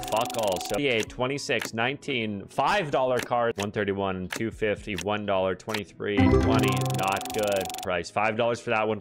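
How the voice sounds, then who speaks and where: A young Canadian man with a Canadian accent, streaming a shop game and joking crudely with his chat. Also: mid-range voice. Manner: brash, crude, jokey, talks to chat. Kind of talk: joking gameplay commentary.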